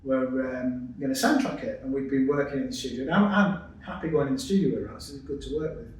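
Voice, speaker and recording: A man's voice: medium pitch, brisk, a little hiss or hum. A man chatting casually as a podcast co-host, telling rambling, self-deprecating stories about performing. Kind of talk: casual chat. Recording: roomy, distant mic.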